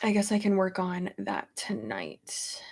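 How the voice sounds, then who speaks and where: With a lowish, darkish voice, she talks unhurriedly yet very animatedly. She's a young pregnant YouTuber casually going through stream comments, thinking out loud and occasionally swearing.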